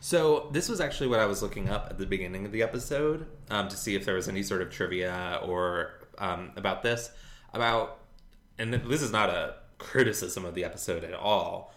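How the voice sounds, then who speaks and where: A man's voice: low voice, brisk. Chatty man in a roomy recording. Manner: chatty, animated, laughs often. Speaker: podcast co-host. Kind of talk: casual chat.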